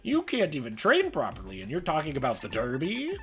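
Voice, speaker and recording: A woman's voice: deep voice, wildly swooping pitch, a little fast, a bit bright, soft background music, voice pushed down, heavily acted. A woman voicing a playful old male angel who gambles, cheery and teasing.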